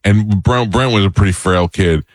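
A middle-aged man hosting a talk show, telling a funny anecdote in an animated way and mimicking the people in it. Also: lowish voice, moderate pace, no room sound. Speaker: radio show host. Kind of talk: casual storytelling chat.

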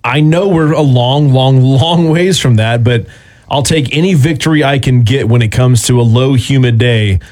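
A man's voice: medium pitch, moderate pace, a little mellow. A man hosting a sports radio morning show, chatting upbeat and rambling with fillers. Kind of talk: casual sports radio banter.

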